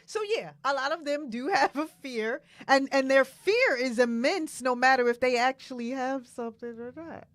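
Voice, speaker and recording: A frank, animated woman co-hosting a casual talk show. Her voice sits a little high and sounds dry and close to the mic. She laughs often and acts out little quotes as she talks. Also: moderate pace, hardly any pauses, no echo. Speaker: co-host.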